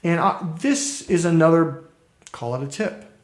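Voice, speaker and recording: A male dating coach talks straight to his listeners in an animated, storytelling way. His voice sits a little higher than most men's. The room around him rings with echo. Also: unhurried. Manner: animated storyteller who acts out quotes. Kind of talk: coaching talk to camera.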